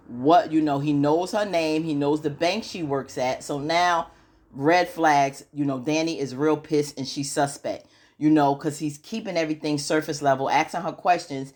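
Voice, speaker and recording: A woman's voice: low voice, darkish tone. Chatty woman recapping TV. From United States. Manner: chatty, filler-heavy, audience-addressing. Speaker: TV recap YouTuber. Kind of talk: casual TV episode recap.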